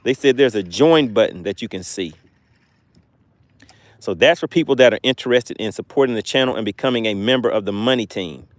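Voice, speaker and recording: A man's voice: on the low side, brisk, dry recording. Easygoing Southern man on a fishing livestream. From Southern US, Georgia. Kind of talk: casual live-stream chat, reading comments. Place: outdoors by the water.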